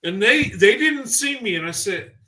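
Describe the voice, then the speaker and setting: A man's voice: high voice, animated, normal speed, sharp tone. A man ranting on a livestream, emphatic and profane, speaking in heated bursts. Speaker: livestream commentator. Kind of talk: ranting opinion monologue.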